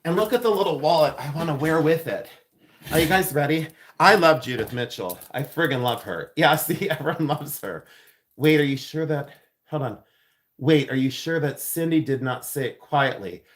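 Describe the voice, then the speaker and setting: Male livestream host, a touch high-pitched, gushing and chatty with his viewers, laughs easily; casual studio chat. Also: expressive, normal speed. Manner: effusive, chatty, laughs often, keeps thanking viewers. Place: jewelry studio.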